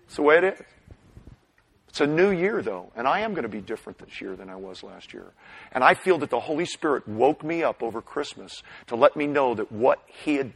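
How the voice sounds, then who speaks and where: A middle-aged man preaching a sermon, animated, swinging between loud bursts and hushed asides. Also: mid-range voice, vocal fry, husky, poor audio. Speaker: pastor.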